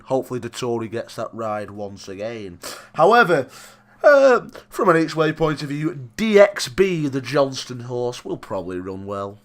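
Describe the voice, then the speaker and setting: A young man co-hosting a casual sports podcast, teasing his co-host drily and running through racing tips. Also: mid-range voice. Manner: dry teasing, deadpan tips.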